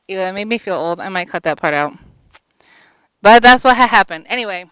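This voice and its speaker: Woman vlogger, crude rambling comic recap, bright and clear. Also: medium pitch, animated, fairly quick, dry recording. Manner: crude, rambling, lots of fillers. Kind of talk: casual comedic movie recap.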